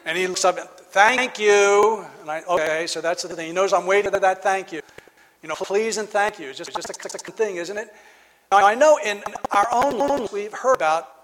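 High-voiced man preaching in a reverberant hall. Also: fairly bright tone, a little hiss or hum. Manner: reflective, halting with frequent restarts. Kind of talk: sermon.

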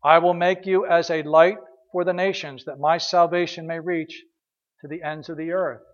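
High-voiced preacher in a reverberant hall. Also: male voice, steady tone, moderate pace. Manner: conversational preaching with fillers and rhetorical questions. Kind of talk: sermon. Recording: dull lo-fi sound with long hall reverb.

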